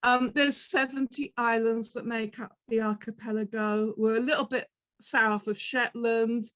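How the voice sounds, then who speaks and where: A middle-aged woman with a Portsmouth accent talks through her slides at a conference, chatty and self-deprecating, with lots of ums. Her voice sits fairly high. The sound is dry and close, with no room echo. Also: fairly even intonation, measured pace, fairly bright tone. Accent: Portsmouth English. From south of England. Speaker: conference speaker. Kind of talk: illustrated conference talk.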